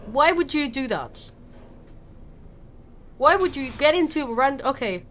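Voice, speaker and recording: A woman's voice: high-pitched, animated, measured pace, fairly bright tone, slight background noise. A woman streamer giving live gameplay commentary, nervous and chatty, swearing a lot and talking back at the characters on screen. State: nervous and scared.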